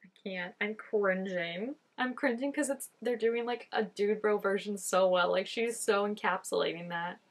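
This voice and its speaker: Reacting to a TV episode, a woman with a medium-pitched voice offers casual commentary at a moderate pace. She exclaims, gasps and laughs at the screen frequently.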